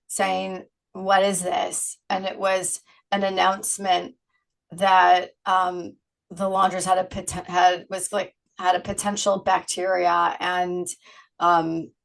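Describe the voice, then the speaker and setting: A woman's voice: mid-range voice, gravelly, fairly bright tone, low-quality recording. A middle-aged woman being interviewed, talking frankly and animatedly and laughing often. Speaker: guest, brand founder. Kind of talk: candid interview conversation.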